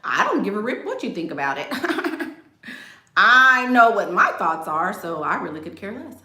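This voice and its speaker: A woman hosts a relaxed relationship advice livestream, reading viewer comments and addressing her audience in a direct, sassy way with laughing asides. Her medium-pitched voice swings widely in pitch, moving fairly quickly with a bright, forceful tone. The room she's in is echoey.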